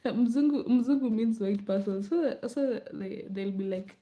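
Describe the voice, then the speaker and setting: A young Kenyan woman with a Kenyan accent chatting casually late at night, rambling and laughing, often dropping to a soft murmur. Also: medium pitch, fairly even intonation, measured pace, few pauses, lo-fi sound. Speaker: vlogger.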